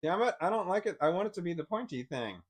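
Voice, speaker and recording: A man's voice: high-pitched, big pitch swings, quick pace. Man muttering and swearing at his screen. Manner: rambling, swears often, frustrated muttering. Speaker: vlogger. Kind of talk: casual screen-share commentary.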